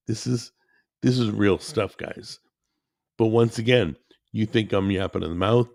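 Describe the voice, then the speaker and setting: A man delivers a heated, repetitive political rant, calling his listeners guys. His voice sits low with a gravelly fry, and he talks at an unhurried, deliberate pace. The sound is close and dry. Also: darkish tone, dry recording. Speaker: commentator.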